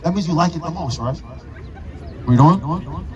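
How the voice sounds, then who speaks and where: High-voiced man preaching hard outdoors. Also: measured pace, lo-fi sound. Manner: forceful, rhetorical questioning, emphatic. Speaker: street preacher. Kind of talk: street preaching. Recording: crowd noise around.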